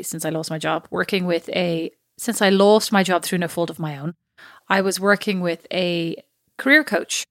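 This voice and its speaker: A woman's voice: mid-range voice, no echo, clean studio sound. A woman co-hosting a podcast in casual chat, who rambles and laughs at her own jokes. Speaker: podcast co-host.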